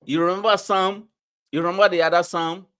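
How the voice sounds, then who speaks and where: A man in casual podcast chat, telling a story with animated quoted dialogue and plenty of swearing. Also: high voice, a little fast, clear, resonant tone.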